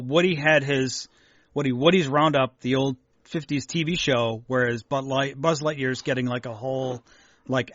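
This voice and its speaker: A man's voice: mid-range voice, fairly bright tone, no echo. Casual filler-heavy male podcast host. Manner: casual, hesitant, many fillers. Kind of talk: casual chat. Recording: dry, muffled lo-fi audio.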